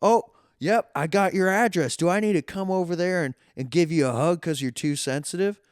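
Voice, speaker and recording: A man voicing an aggressive, pushy male sales caller who taunts and shouts threats. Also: sits high, a little fast, smooth, no echo, studio quality, pitched above the performer's own voice, close to an everyday voice.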